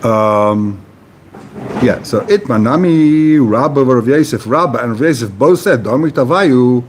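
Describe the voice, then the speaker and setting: Speaking at a measured pace in a medium pitch, a man teaches Talmud to a study partner, reading the Aramaic phrases and then explaining them casually and with animation. Slight background noise can be heard.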